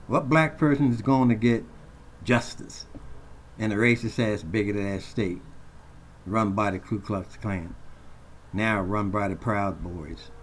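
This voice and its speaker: A man's voice: on the low side, unhurried, pauses often, a little hiss or hum. A man venting in a heated, profane rant recorded on his phone, hurling blunt accusations. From Colorado. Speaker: vlogger. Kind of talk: angry rant to camera. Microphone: phone camera.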